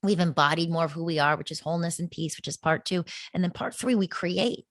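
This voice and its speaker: A woman with a lower voice speaks earnestly and at an easy flow as a podcast guest, laughing now and then. The sound is dry and close, with no room behind it. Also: a little fast, no echo. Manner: earnest, flowing, laughs often. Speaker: podcast guest, meditation teacher. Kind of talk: casual interview talk.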